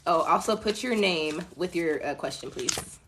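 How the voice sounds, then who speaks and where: A woman's voice: fairly low pitch, normal speed, a little hiss or hum. Laid-back woman chatting on a live stream. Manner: relaxed, chatty, laughs at herself, addresses viewers as y'all. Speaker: tarot reader. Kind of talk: casual live-stream chat.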